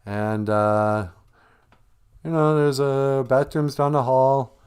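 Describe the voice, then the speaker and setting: A man's voice: mid-range voice, steady tone, takes it slowly, a little mellow, smooth, voice pushed up, close to an everyday voice. A man voicing a smug, self-pitying rich hero who brags and keeps bringing up his own loss, in a comic spoken retelling. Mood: boastful. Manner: boastful, oblivious, talks up his own sad past.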